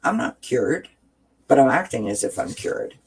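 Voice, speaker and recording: A woman's voice: rumbling low, very animated, normal speed, darkish tone, husky. A woman hosting a casual livestream, reading viewer comments and talking through self-help ideas with frequent restarts and tag questions.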